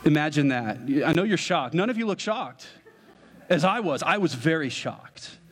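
Man, pastor, slightly high voice, lively joking story in the sermon, long hall reverb. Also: moderate pace. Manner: animated, joking, addresses the congregation.

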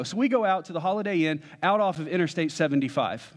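Man, pastor, slightly high voice, lively joking story in the sermon, long hall reverb. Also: fast talker, hardly any pauses. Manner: animated, joking, addresses the congregation.

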